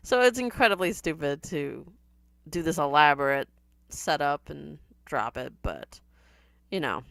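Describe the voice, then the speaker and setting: Low smooth woman reacting to a show, dry snarky chatter, dead dry room. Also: a bit bright, no echo. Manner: sardonic, chatty, laughs often. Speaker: reaction commentator. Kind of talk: casual reaction commentary.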